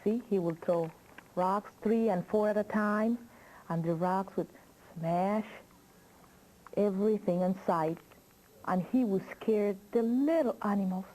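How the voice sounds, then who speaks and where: A woman's voice: medium pitch, dark tone, slight background noise, rough recording. A woman reading a children's story aloud, drawing out her words and asking the listener questions. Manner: slow, drawn-out with questions to the listener.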